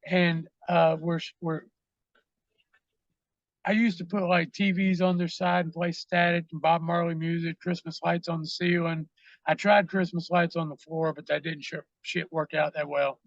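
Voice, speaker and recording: A man's voice: fairly high pitch, little pitch movement, moderate pace, dry recording, lo-fi sound. A man, a podcast guest, telling rambling, profane stories full of fillers in a casual interview.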